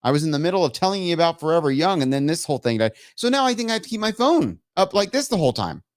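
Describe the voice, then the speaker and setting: A man's voice: a little high, big pitch swings, very fast, dry recording, studio quality. A man hosting a live show, chatting casually and getting exasperated and laughing at his own tech troubles. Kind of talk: casual live-stream chat.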